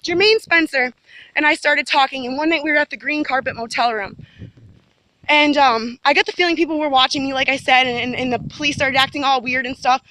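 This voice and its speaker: A woman's voice: sits high, fairly even intonation, brisk, pushed and bright, low-quality recording. A woman giving a rambling, earnest first-person account to camera, repeating herself and restarting often. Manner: rambling, repetitive, with many fillers and restarts; earnest and insistent.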